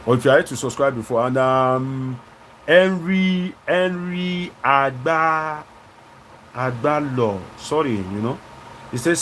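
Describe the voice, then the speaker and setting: A Nigerian man with a Nigerian English accent hosts a live-stream, reading viewer comments in a lively way and slipping into Pidgin phrases. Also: mid-range voice, a little slow, a little hiss or hum. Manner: animated, switching into Pidgin phrases. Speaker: host.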